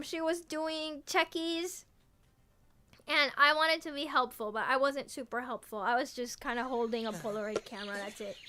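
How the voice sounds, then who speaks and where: A young adult woman streaming as a VTuber, chatting casually in a rambling, excitable way full of fillers and restarts. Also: high-pitched. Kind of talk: casual livestream chat.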